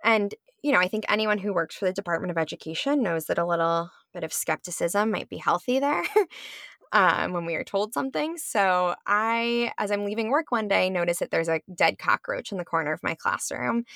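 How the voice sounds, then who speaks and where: Brief: young woman, school teacher, low gravelly voice, chatty first-person storytelling, dry close sound. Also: lively intonation, fairly quick, a bit bright, no echo. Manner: conversational, with frequent ums and likes. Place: her home.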